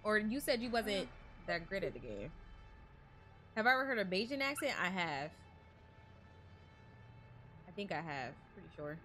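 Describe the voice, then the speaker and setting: A woman streams a multiplayer horror game, chatting casually, thanking viewers and joking with friends in loose, slangy talk. Her medium-pitched voice is sing-song and sharp in tone, at a moderate pace with frequent pauses.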